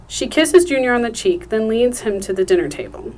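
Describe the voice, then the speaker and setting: A woman hosting a podcast, chatting and reading stage directions in a friendly, clear way. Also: fairly high pitch, sing-song, fairly quick, warm tone. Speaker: podcast host.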